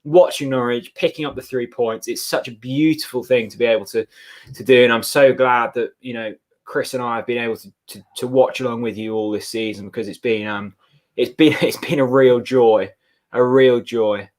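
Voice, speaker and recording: Guy hosting a footy watchalong, chatty and excitable. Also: mid-range voice, moderate pace. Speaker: co-host of a football watchalong. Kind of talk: casual live match chat.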